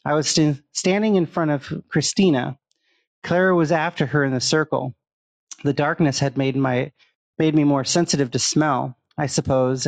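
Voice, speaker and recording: A man reading a first-person horror story aloud in a steady storytelling manner. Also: medium pitch, vocal fry, no room sound. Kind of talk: scripted horror narration.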